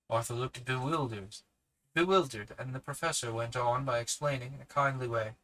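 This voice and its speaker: A man narrating a classic novel aloud in a steady storytelling manner, with occasional slips and restarts. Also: mid-range voice, normal speed, poor audio. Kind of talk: audiobook reading.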